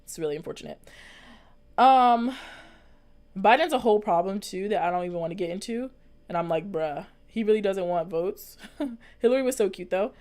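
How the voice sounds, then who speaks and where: A woman's voice: mid-range voice, animated, normal speed, pauses often, a little mellow. Earnest young woman vlogging. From United States. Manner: rambling and earnest, with many fillers and restarts. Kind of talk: casual chat, reading and answering live comments.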